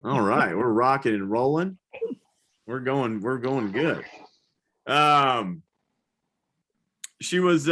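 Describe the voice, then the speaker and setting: A Southern American man with a mid-range, sharp-toned voice performs stand-up at a comedy venue before a live audience. He works the crowd, swears freely, and stretches out his impressions.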